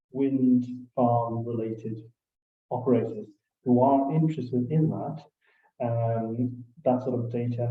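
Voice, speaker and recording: A man answering a webinar question carefully and in a measured way, with many fillers. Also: medium pitch. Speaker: company guest speaker. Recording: tinny, echoey, distant call audio.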